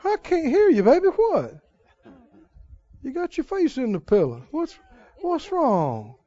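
Coaxing queen, sweet-talking and high, a man doing the voice, dull lo-fi recording. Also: huge pitch swings, unhurried, warm tone, dry recording, some chatter behind, exaggerated voice. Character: coaxing, doting queen, adult woman.

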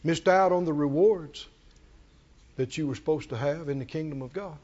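A man preaching a sermon, swinging dramatically from shouts to hushed tones. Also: fairly high pitch, normal speed, lo-fi sound.

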